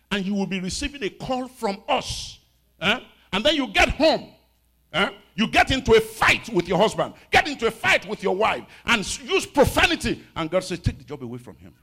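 Husky, animated preacher. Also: male voice, high voice. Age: 50s. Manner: animated preaching with sudden shouts and soft asides, laughs often. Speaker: pastor. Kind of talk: sermon.

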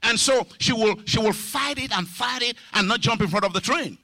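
Middle-aged pastor guy preaching, high pitched, half sings and shouts then goes quiet, very dry sound. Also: moderate pace, no room sound. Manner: animated preaching, shouts and sings phrases, drops to low quiet asides. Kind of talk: sermon.

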